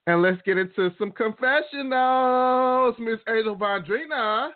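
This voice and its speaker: A man's voice: very high-pitched, unhurried. A man co-hosting a podcast in casual chat, teasing and laughing, then reading out segments. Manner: teasing, laughs a lot, reads segments aloud. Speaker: podcast co-host. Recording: tinny phone-line sound.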